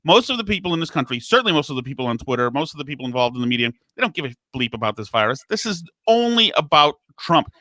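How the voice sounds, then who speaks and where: A man's voice: a little high, very animated, rapid-fire, hardly any pauses, bright, forceful tone, no room sound. A male radio co-host telling stories in a sarcastic tone on a talk show. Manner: sarcastic storytelling.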